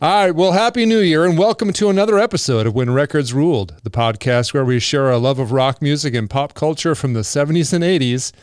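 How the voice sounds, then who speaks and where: A man's voice: fairly high pitch, brisk, hardly any pauses, no room sound, clean studio sound. A man hosting a casual music podcast, joking with his co-hosts and laughing often. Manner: jokey, laughs often, reads a scripted intro. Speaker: podcast host and quizmaster.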